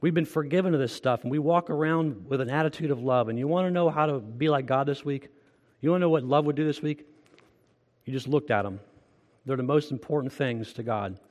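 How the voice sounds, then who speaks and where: A man's voice: mid-range voice, brisk, darkish tone, long reverb tail. A man preaching a sermon as pastor, earnest and conversational, asking the congregation direct questions. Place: church.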